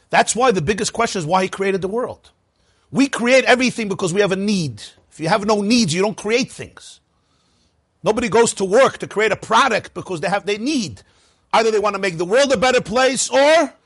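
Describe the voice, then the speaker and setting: A high-pitched, husky male voice swinging widely up and down as he lectures. He fires off rhetorical questions and laughs at his own points. The sound is close and dry. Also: animated, a little fast, fairly bright tone, no room sound. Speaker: rabbi teaching a class. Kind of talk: lively Torah lecture.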